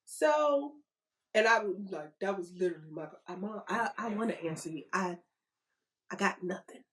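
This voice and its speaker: A middle-aged woman co-hosting a casual podcast chat, animated and repeating phrases for emphasis. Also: mid-range voice, moderate pace, poor audio. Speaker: podcast co-host.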